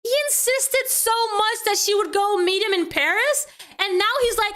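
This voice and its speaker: A woman's voice: extremely high pitch, normal speed, a bit bright. A woman VTuber giving reaction commentary, reading messages aloud and breaking in with exasperated, incredulous remarks.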